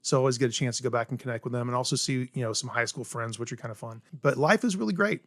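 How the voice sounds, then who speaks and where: Rapid-fire and a bit bright, a medium-pitched male voice comes through dry with studio quality. It belongs to a middle-aged South Carolina chef guesting on an interview podcast, casually and enthusiastically breaking cooking into steps and repeatedly asking "right?"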